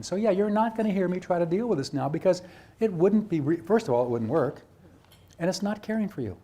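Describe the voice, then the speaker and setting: A man's voice: high-pitched, animated, brisk, warm tone. A man giving a lecture to educators, acting out teachers and students and asking rhetorical questions. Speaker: presenter at a teacher training workshop.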